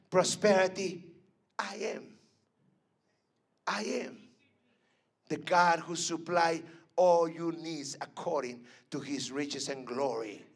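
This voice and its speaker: A man preaching a sermon at an evening church service, swinging between loud emphatic calls and hushed lines. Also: a little high, husky.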